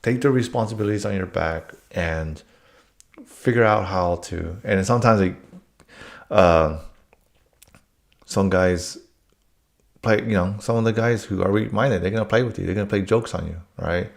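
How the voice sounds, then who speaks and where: A man's voice: sits low, normal speed, gravelly, long pauses. A man telling work stories in a casual monologue, blunt and rambling, swearing freely.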